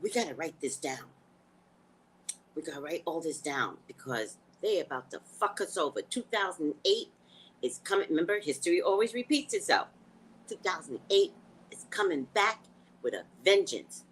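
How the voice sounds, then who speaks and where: A woman's voice: lowish voice, big pitch swings, normal speed, husky, low-quality recording. A woman psychic hosting a live news chat, blunt and emotional, swearing freely. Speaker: psychic host.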